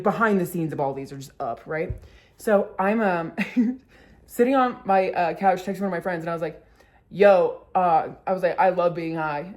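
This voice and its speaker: Chatty young woman telling a story. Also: a little mellow. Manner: filler-heavy with constant "like", bursts into laughter; acts out quotes with sudden high squeals. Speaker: vlogger. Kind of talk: casual storytime chat.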